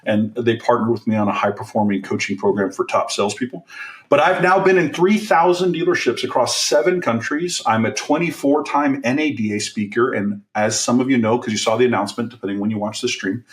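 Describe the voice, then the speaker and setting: A man in his forties, a car sales trainer, telling his career story as a podcast guest in a candid, energetic way with many fillers. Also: medium pitch, recorded from a distance. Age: 40s.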